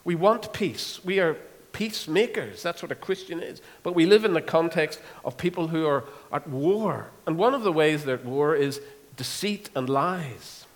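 Male preacher, earnest sermon delivery with frequent pauses, reverberant hall. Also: on the high side, expressive. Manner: earnest, with many pauses and fillers. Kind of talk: expository sermon.

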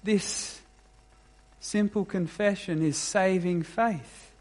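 High-voiced, slow, emphatic preaching man. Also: steady tone, a little mellow. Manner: measured, emphatic preaching with deliberate pauses. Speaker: pastor. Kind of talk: sermon.

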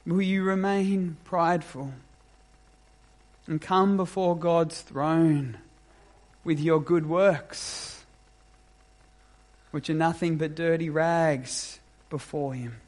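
A man delivering a sermon with a fairly high voice and an unhurried pace. He preaches in a measured, emphatic way, pausing deliberately between phrases. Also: fairly even intonation, a little mellow. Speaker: pastor.

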